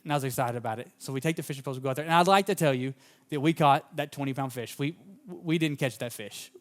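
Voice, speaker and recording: A male pastor preaching a sermon and telling personal stories, fervent in places and relaxed in others. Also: medium pitch, fast. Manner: fervent at the open, then relaxed anecdotal storytelling.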